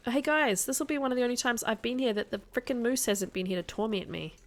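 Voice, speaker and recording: A woman's voice: a little high, fast. A woman streaming a video game, chatting casually with her viewers, answering their comments and laughing often. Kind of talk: casual live-stream chat while playing.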